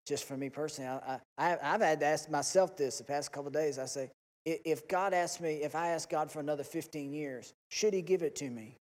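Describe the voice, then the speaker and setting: A male pastor preaching a Sunday sermon, his voice a little higher than most men's. He swings between quiet reflection and impassioned, pleading prayers he acts out. A long reverb trails behind him in the church. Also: fairly quick.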